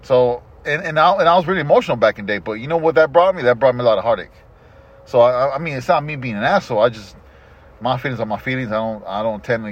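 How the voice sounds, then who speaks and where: A middle-aged man hosting a casual podcast chat, telling stories in an animated, profane way. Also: medium pitch. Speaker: podcast host. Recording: dull lo-fi podcast audio.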